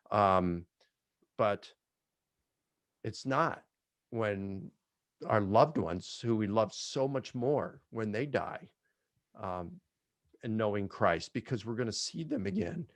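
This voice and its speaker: A man's voice: lowish voice, lively intonation, slow pace, long pauses, dry recording. A man answering audience questions, sharing a personal reflection in an earnest, emotional way. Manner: earnest, emotional, repeats and restarts.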